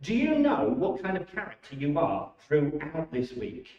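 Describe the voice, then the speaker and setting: A man with a high voice leads children's warm-ups for a church holiday club. He talks in an enthusiastic, encouraging, exclamatory way. He sounds far from the mic in an echoey church hall, and the recording is dull. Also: big pitch swings, normal speed. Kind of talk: leading a children's warm-up and briefing.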